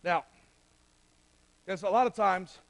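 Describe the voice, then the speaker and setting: A man's voice: high-pitched, slow, gravelly, a bit bright, poor audio. A middle-aged man preaching a sermon in a conversational, direct way, speaking straight to the men in the room. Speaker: pastor. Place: church sanctuary.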